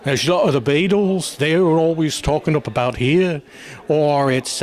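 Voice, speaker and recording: A man's voice: on the high side, moderate pace, darkish tone. A man, a stage actor, answering interview questions in a rambling, hesitant way. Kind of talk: casual interview.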